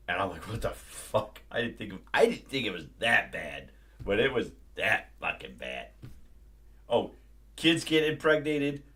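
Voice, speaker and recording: A man's voice: medium pitch, sharp tone. A man hosting a live stream, ranting casually and profanely about a movie. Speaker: livestream host.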